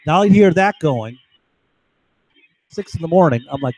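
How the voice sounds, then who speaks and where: A man's voice: fairly high pitch, lively intonation, moderate pace, a little mellow, breathy edge, rough recording. A man talking in an agitated, rambling monologue from home, with lots of restarts and asides. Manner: agitated, digressive, many restarts and "right?" tags. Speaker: vlogger.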